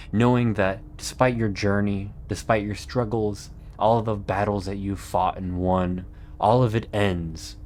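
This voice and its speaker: A man narrating a scripted video essay in an earnest, measured way with dramatic pauses. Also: low voice, a little mellow, slight background noise. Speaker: YouTube narrator.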